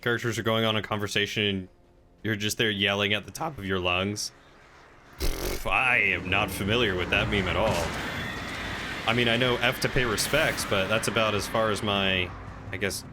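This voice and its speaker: A man's voice: fairly low pitch, fairly even intonation, moderate pace. Chatty male streamer, casual game commentary, noisy line. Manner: chatty, jokey, puts on a folksy drawl at times.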